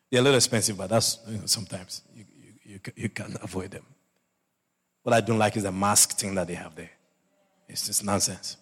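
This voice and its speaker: A male pastor preaching a sermon and telling personal stories, swinging from loud exclamations to low murmurs. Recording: long hall reverb.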